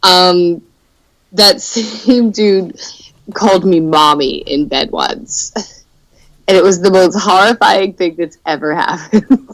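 A woman's voice: fairly low pitch, slow pace, pauses often, no echo, poor audio. A young woman co-hosting a podcast, chatting casually, giggling a lot and saying "like" often. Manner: giggly, oversharing, says "like" often. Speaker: podcast co-host. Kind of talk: casual chat.

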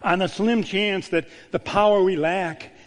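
A man's voice: high-pitched, fairly even intonation, measured pace. Male pastor preaching in a reverberant hall. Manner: storytelling, dropping to a hushed voice on key words. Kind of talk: sermon. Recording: long church reverb.

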